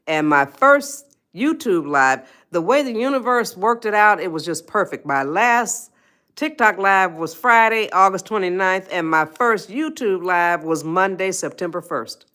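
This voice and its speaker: A woman with a fairly low, slightly bright voice hosts a motivational self-help live stream. She coaxes and repeats herself, talking straight to viewers in the chat.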